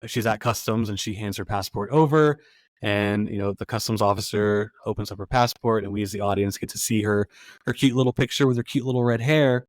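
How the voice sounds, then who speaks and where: A man hosting a podcast, casually recapping a film scene and acting out its lines in a quieter voice. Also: lowish voice, fairly even intonation, brisk, no room sound. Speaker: podcast host.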